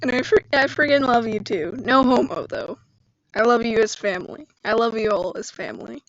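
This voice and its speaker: A young woman live streaming and chatting casually with her viewers, congested from allergies and prone to emotional high squeals and laughter. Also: animated, a little fast, no room sound, highs cut off. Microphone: phone or computer mic.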